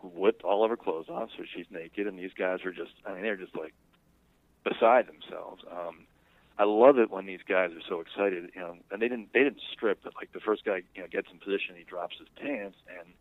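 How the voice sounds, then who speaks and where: A man with a very low voice tells a long personal story to an interviewer, wandering and conversational. The line is tinny and phone-like, with a dry sound and no room echo. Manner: rambling, conversational and unhurried.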